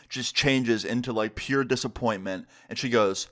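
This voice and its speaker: A man at an ordinary middle pitch, recounting a personal story to camera in a casual vlog. He tells it with animated energy and swears freely along the way. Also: moderate pace, few pauses. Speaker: vlogger.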